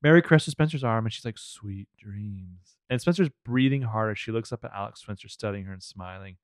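An American man co-hosts a podcast, casually recapping events, swearing a lot and describing scenes with quick bursts of laughter. His mid-range voice has a clean tone, and the studio recording is clean with no room sound.

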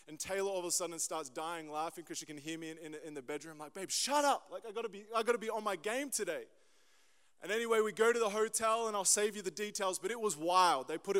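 A young man delivers a sermon in an animated storytelling manner, repeating key phrases for emphasis. His voice is high and clear. It carries a long reverb, as if heard in a large hall. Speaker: pastor.

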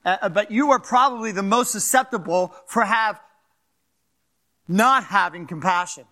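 An older male pastor with a Philadelphia accent preaches in a fast, animated way and keeps checking in with his listeners. His voice sits high for a man and has a bright, forceful edge. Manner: animated, fast-talking, asks the crowd "right?". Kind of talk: sermon.

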